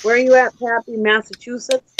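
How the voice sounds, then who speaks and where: A man's voice: very high voice, level tone, brisk, fairly bright tone, a little hiss or hum, rough recording. A man from Minnesota with a Minnesotan accent, chatting casually on a live show, laughing often and repeating words for emphasis. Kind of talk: casual chat.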